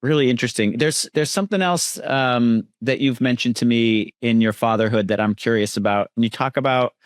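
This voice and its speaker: A man's voice: mid-range voice, a little fast, no room sound, studio quality. A man hosting a podcast, asking easygoing and curious questions in a conversational way. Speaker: podcast host, interviewer. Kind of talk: conversational interview.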